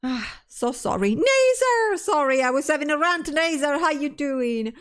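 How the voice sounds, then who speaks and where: A woman's voice: sits high, normal speed, fairly bright tone. A stressed woman streamer in casual livestream chat, ranting, swearing often and restarting her sentences as she reads chat aloud.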